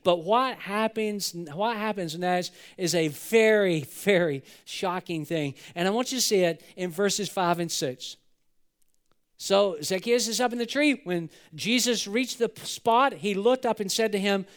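A man with a high voice delivering a sermon. He preaches with animation, swelling loud for emphasis and then dropping to a hush. He acts out the people in the story in quoted voices. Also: moderate pace. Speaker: pastor.

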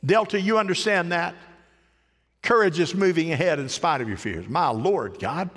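Man preaching, slightly high voice, dramatic sermon delivery, loud cries and hushed lines, long church reverb. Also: animated, moderate pace. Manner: dramatic swings between loud rising cries and low hushed phrases.

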